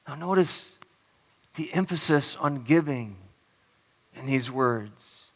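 A man preaching a sermon as a pastor, earnest and emphatic, stressing key phrases slowly. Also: mid-range voice, expressive, a bit bright, in a large hall.

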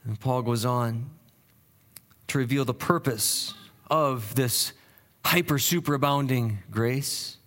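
A man's voice: medium pitch, takes it slowly, fairly bright tone. A male pastor preaching an expository sermon, earnest and explanatory, often restarting his sentences as he works through word meanings.

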